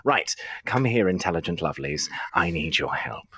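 A man's voice: low voice, lively intonation, normal speed, sharp tone, breathy edge, no echo, clean studio sound. A man playing an eccentric male dragonborn sorcerer in a tabletop game, talking in a chatty, genteel manner. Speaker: player voicing a dragonborn sorcerer. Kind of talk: tabletop role-play in character.

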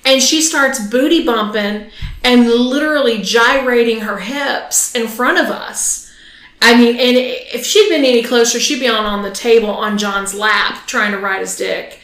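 Name: Laughing bawdy podcast hostess, roomy sound. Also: female voice, a little high, a little slow, a bit bright. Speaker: podcast host. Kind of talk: casual bawdy podcast chat. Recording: roomy echo.

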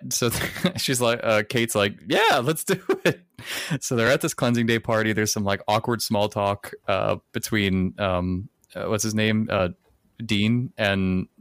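A man's voice: on the low side, a bit bright, dry recording, studio quality. A man co-hosting a podcast, recapping a movie plot in a casual, rambling way with lots of fillers. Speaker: podcast co-host.

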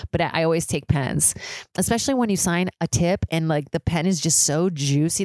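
Young woman, low gravelly voice, dry close sound, casual swearing monologue. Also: darkish tone, no room sound. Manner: chatty, swearing, frequent "like"; mimics others in high squealing voices. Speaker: podcast host.

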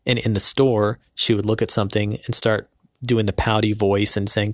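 Hesitant low-voiced man, close and dry. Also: little pitch movement, no echo. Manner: hesitant, many pauses and filler sounds. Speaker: person recounting a past marriage. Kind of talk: personal storytelling.

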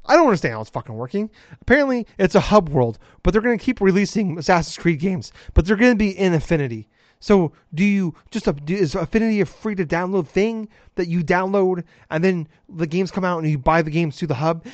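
A man's voice: on the high side, no room sound. A man ranting heatedly in casual chat, swearing often and sounding exasperated. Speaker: podcast co-host. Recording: dull lo-fi dry sound.

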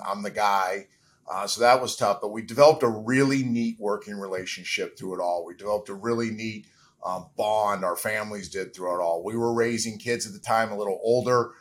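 A man's voice: on the low side, a bit bright. A middle-aged man speaking as an interview guest, candid and reflective, his voice catching with emotion at times. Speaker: interview guest, former quarterback.

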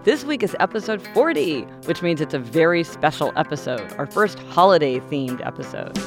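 A woman hosting a podcast in casual chat with her sister, her voice hoarse from losing it. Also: low voice, big pitch swings, moderate pace, loud music behind the voice. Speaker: podcast host. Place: New York City.

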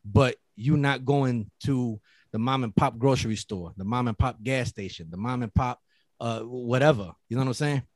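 A man in his thirties talking bluntly and profanely in casual chat, telling animated stories. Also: mid-range voice, moderate pace, dry recording. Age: 30s.

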